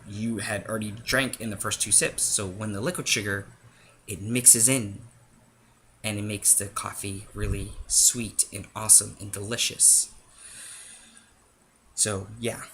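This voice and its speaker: A man's voice: lowish voice, sharp tone, slight background noise. A man telling a casual story-time vlog, rambling and interrupting himself as he goes. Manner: rambling, self-interrupting, chatty.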